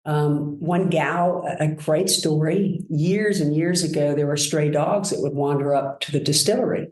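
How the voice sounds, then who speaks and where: A woman guest telling enthusiastic, animated stories about her work in a relaxed conversation. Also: sits low, normal speed, reverberant, rough recording. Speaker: guest, brand executive. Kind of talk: conversational storytelling.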